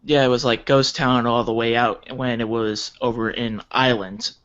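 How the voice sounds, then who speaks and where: A man's voice: mid-range voice, steady tone, moderate pace, fairly bright tone. A man co-hosting a podcast in a casual, laid-back way, adding brief remarks. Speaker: podcast co-host. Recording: dull lo-fi podcast audio.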